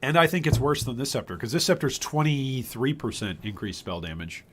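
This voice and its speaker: An older man from Michigan chatting with his chat while streaming a game, with bursts of excitement. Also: medium pitch, a little fast, breathy edge. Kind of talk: live gameplay commentary.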